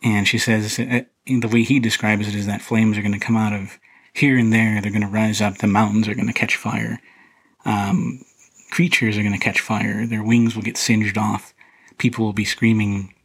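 Husky low-voiced man talking films. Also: normal speed, rough recording. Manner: relaxed, rambling, frequent fillers and restarts. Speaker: podcast host reviewing a film. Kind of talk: casual solo film commentary.

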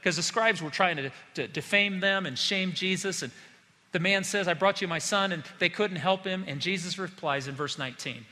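A man preaches an expository sermon in a slightly high, bright voice. He speeds up and slows down and rises and falls in loudness to drive his points home. His words ring out with the long reverb of a church hall. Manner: expository preaching, shifting pace and volume for emphasis. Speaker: pastor.

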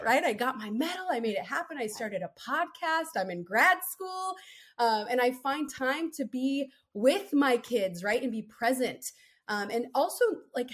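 A woman's voice: fairly high pitch, husky. A woman in her thirties, a guest on a podcast, telling her own story in an earnest, upbeat, conversational way, often tagging lines with "right?". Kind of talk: casual interview chat.

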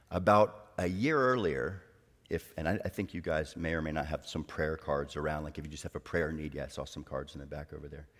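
Deep-voiced preacher in a reverberant hall. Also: male voice, moderate pace. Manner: storytelling, swings from hushed to loud and bright. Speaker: guest pastor. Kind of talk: sermon. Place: church hall. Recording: long reverb of a large hall.

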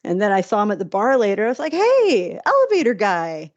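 A woman's voice: mid-range voice, darkish tone, no room sound, highs cut off. A woman hosting a business podcast, chatting casually and telling anecdotes. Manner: chatty, quick anecdotal delivery. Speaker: podcast host. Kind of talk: casual interview chat.

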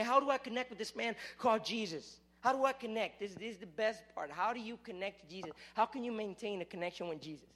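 High-voiced man preaching with animated swings. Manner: lively, animated delivery that swings from loud to hushed; casual, joking asides to the crowd. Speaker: youth preacher. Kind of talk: sermon.

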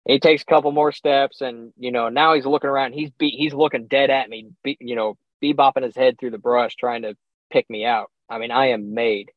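A young man, a podcast guest, telling a hunting story in a casual, animated way, acting out his own reactions and chuckling often. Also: mid-range voice, fairly quick, dry recording. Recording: slightly dull, dry sound.

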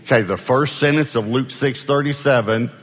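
A man's voice: mid-range voice, moderate pace. A male pastor preaching a sermon in a conversational way, prompting the congregation to answer him. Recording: long hall reverb.

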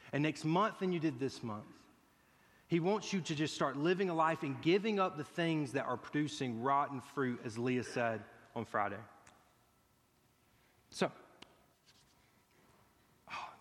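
Earnest man preaching in a hall. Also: on the high side. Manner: earnest, builds excitement. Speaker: guest pastor. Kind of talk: sermon. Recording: long hall reverb.

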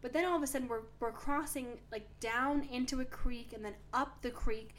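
A young woman co-hosts a podcast, chatting casually and telling stories with plenty of "like" fillers. Her voice is on the high side at a moderate pace, with slight background noise.

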